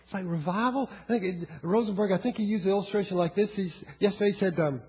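A male pastor with a fairly high voice preaches in a loose, conversational way, often stopping to ask his listeners questions. His voice carries a long reverb from a large hall. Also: fast. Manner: conversational preaching, asks the congregation questions, frequent restarts; drops to a quiet, intimate tone in places. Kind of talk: sermon.

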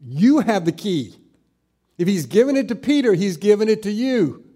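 A middle-aged man preaching a sermon as pastor, slowing down and growing louder when he stresses scripture. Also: very animated. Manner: slows down and rises in pitch and volume when stressing scripture.

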